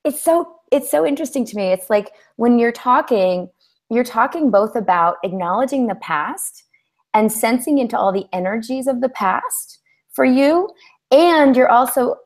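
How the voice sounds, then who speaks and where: A woman hosting a coaching-style conversation, speaking in a meandering, reflective, gently affirming way. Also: a little high, lively intonation, normal speed. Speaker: host.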